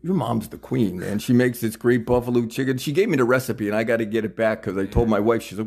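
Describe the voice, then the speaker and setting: A man's voice: medium pitch, fast talker, creaky, few pauses, a little mellow. A man in his sixties, chatty and enthusiastic, interviewing in a casual conversation and laughing often.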